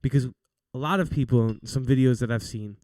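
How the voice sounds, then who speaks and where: A man's voice: mid-range voice, fairly quick, a little mellow, clear, resonant tone, dry recording, clean studio sound. A young man hosting a casual faith talk show, speaking in an earnest, chatty, encouraging way. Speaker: podcast host.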